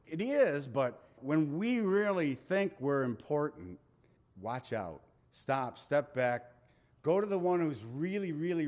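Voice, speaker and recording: A male pastor preaching a sermon in a conversational way, with asides, small laughs and scripture read in a raised voice. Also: mid-range voice.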